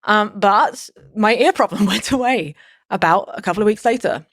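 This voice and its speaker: A woman's voice: medium pitch, normal speed, a bit bright, dry recording, studio quality. A woman talking as a podcast guest, telling a personal story casually and rambling with lots of "like" fillers and restarts.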